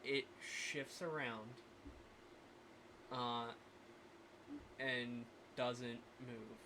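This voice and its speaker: Slow, halting man running a game. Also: medium pitch, steady tone, crowd noise. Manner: halting, thinking aloud, many pauses. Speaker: game master. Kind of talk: running a tabletop game on a live stream.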